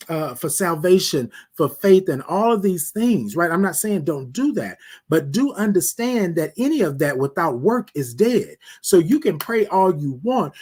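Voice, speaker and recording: A man hosting a morning show, giving a preacherly talk on self-care, repeating phrases and dropping his voice low on refrains, calling listeners "y'all". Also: a little mellow, husky. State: emotional. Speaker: host.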